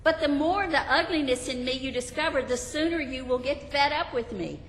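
A woman's voice: animated, normal speed, a bit bright, a little hiss or hum. Brief: woman doing a worried, self-doubting sinner, raised and insistent, echoey hall with faint background. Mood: anxious pleading. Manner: insistent, raised and high-pitched. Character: pleading anxious sinner, adult, self-doubting.

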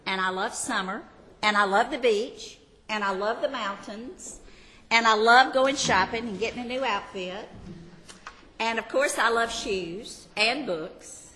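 A woman's voice: mid-range voice, bright, forceful tone, in a large hall, a little hiss or hum. An older woman, teaching a Sunday school Bible class in a chatty, self-deprecating, homey way.

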